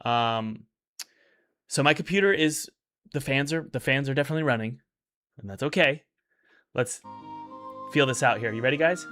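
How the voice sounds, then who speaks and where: A man's voice: medium pitch, moderate pace, long pauses, fairly bright tone, soft background music. A man in casual livestream commentary, reviewing indie games in an upbeat, rambling way with many restarts.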